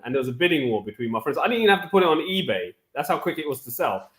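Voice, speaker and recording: A man who tells his stories with lively energy and slips into impressions of other people. His voice sits a little high for a man, and it rings with noticeable room echo. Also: rapid-fire, hardly any pauses. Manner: animated storyteller, mimics others' voices. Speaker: panelist. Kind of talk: casual panel chat.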